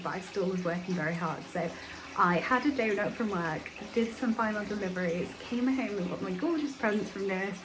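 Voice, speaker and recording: A woman's voice: mid-range voice, rough recording. A young woman talking to camera in a chatty daily vlog, rambling with lots of ums and likes. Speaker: vlogger.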